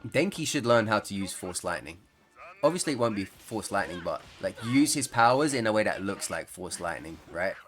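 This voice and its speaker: A man's voice: on the low side, very animated, normal speed, a bit bright, soft background music. A man giving casual, rambling commentary over his own gameplay, joking and laughing as he talks. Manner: rambling, jokey, laughs often. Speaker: gaming YouTuber.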